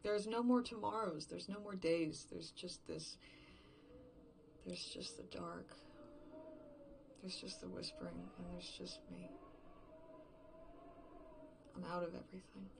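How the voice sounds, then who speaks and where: Casting: actress as a bitter, grieving woman alone, low gravelly voice, slow hushed halting monologue for audio drama. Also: slight background noise. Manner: halting, hushed, fragmented delivery. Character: lonely grieving woman, bitter and self-mocking.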